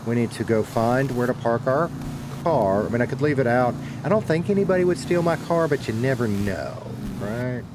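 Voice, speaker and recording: A man's voice: medium pitch, animated, normal speed, noisy background. Laid-back Southern man chatting. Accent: American Southern. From Southern United States. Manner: laid-back, rambling, swears casually. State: dehydrated. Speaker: streamer. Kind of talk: casual chat with stream chat.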